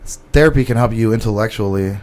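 Fast-talking rambling man. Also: lowish voice, a little mellow. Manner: rambling, swears often, many "you know"s. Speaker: podcast host. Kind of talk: casual chat.

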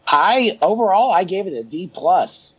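A man's voice: high voice, expressive, a little slow, a bit bright, breathy edge. A man co-hosting a casual podcast chat, with exasperated, profane ranting. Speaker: podcast co-host.

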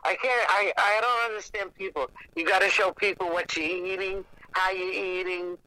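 An older woman, the host's grandmother, chatting casually with short agreeable replies and halting longer remarks. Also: mid-range voice, steady tone, pushed and bright, poor audio. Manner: brief agreeable replies, halting when she speaks at length. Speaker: grandmother of the host. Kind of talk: casual chat.

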